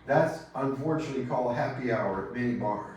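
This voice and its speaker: A man with a Texan accent preaching a sermon as pastor, speaking gently and reflectively with long pauses. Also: medium pitch, slight background noise. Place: church sanctuary. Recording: echoey church sanctuary, distant mic.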